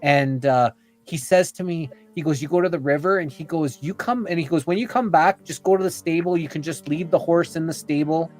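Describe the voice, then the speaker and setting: The speaker is a man guesting on a podcast, recounting a lengthy story about himself in a chatty, wandering way, heavy on "you know" and "like," and playing out people's words. He is brisk and a little high-pitched, with soft background music.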